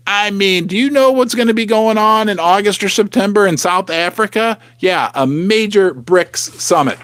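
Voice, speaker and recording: A middle-aged man with a fairly high voice hosts a live stream from his basement. He is animated and emphatic and speaks straight to his viewers. The sound is dry and close, with no room echo. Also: moderate pace, hardly any pauses. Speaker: livestream host. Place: home basement.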